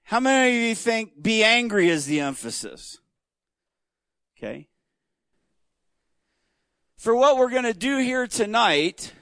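Slow, high-voiced man teaching a Bible study. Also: fairly bright tone, dry recording. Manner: asks the room questions, conversational and emphatic. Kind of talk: interactive church teaching.

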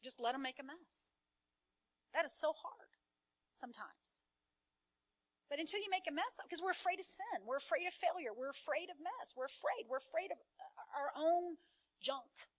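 A middle-aged woman sharing a testimony as a church speaker, in an animated, emphatic storytelling manner. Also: sits high, moderate pace, pauses often, no echo. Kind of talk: sermon-style testimony.

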